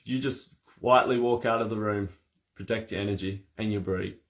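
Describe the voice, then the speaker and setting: A man coaching breath work in a casual conversation, animated and laughing as he acts out little scenes. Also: on the low side, normal speed.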